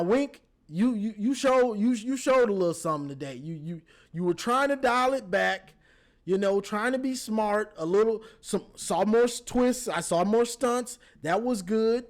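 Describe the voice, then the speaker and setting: A man giving a casual football game recap, animated, talking straight to the players and repeating his words. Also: high-pitched. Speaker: football fan reviewing a game.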